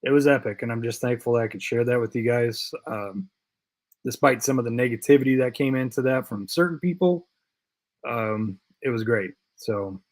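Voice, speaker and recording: A man's voice: medium pitch, moderate pace, darkish tone. A man hosting a casual live stream, reading out viewer comments in a loose, rambling way with lots of fillers and repeats. He sounds tired and short on sleep. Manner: puts on a Canadian accent as a joke. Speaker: host of a live diecast chat stream.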